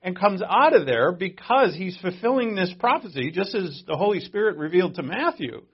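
Middle aged pastor guy preaching, raspy voice, kinda high, goes loud then quiet, jokes around. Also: very animated, normal speed, dull audio. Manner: conversational, joking asides, sudden swings from loud to quiet. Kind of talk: sermon.

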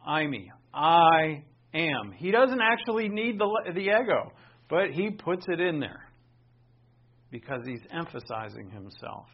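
A man preaching a sermon in a fairly high voice, full of animated swings between emphatic bursts and quiet asides. The recording sounds dull and lo-fi. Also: measured pace, breathy edge. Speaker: pastor.

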